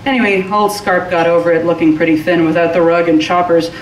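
A woman's voice: fairly low pitch, steady tone, fast. A woman giving a live reading of a short story, rolling expressively through long rhythmic lists. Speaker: reader. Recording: roomy and distant from the mic, faint hiss.

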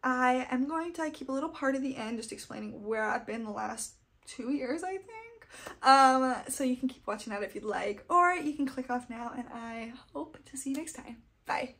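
A woman's voice: high-pitched, normal speed, fairly bright tone. A young adult woman chatting casually about books she read, gushing and fangirly. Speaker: book vlogger. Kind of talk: casual book wrap-up chat.

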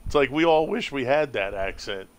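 A man's voice: medium pitch, lively intonation, normal speed. An American man streaming a building game live, chatting casually with his viewers and friends and laughing often. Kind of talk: casual chat while gaming.

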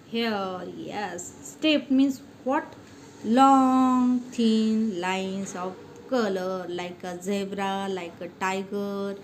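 A woman's voice: medium pitch, a little hiss or hum, rough recording. A woman teacher, reading a children's story aloud and explaining the words to young pupils. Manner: explains words to children, asks questions and answers them.

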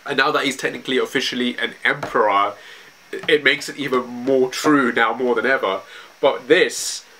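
A man's voice: medium pitch, moderate pace, bright, forceful tone, a little hiss or hum. A young man giving casual commentary as a comic reviewer, loose and full of fillers, laughing often.

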